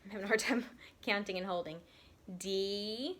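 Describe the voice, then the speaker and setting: A woman teacher giving a recorded lesson to young children, patiently stretching out words so they can be heard clearly. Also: mid-range voice, a bit bright. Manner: slow, patient, drawn-out sounding of words.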